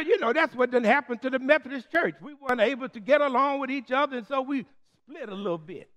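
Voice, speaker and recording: A man's voice: very high-pitched, pushed and bright. A man preaching a call-and-response sermon, as a Methodist preacher who throws questions to the congregation and draws out the key words.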